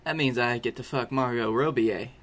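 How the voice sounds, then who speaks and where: A man's voice: medium pitch, normal speed, a bit bright. Blunt man reading comic fan fiction. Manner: blunt, profane comic delivery. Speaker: podcast co-host.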